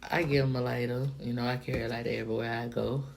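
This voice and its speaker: A woman from the Miami-Dade area telling a personal story straight to camera, candid and profane, in an animated, chatty way. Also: very deep voice, very fast, creaky, noisy background. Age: adult, past her younger days. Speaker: vlogger. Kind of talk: casual storytime monologue.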